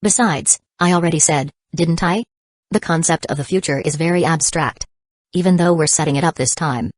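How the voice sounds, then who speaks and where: A woman voicing a composed young man from a storybook, speaking evenly and without fuss. The voice is low and set close in a dry booth with no room sound. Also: moderate pace, no room sound. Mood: calm. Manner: calm, even delivery. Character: young man, calm and level-headed.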